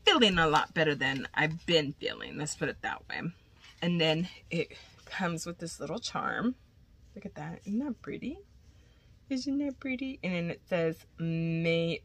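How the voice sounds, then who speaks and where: Bright-voiced woman gushing over yarn. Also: sits low. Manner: chatty, gushing, swears casually. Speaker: crochet vlogger. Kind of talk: casual unboxing chat.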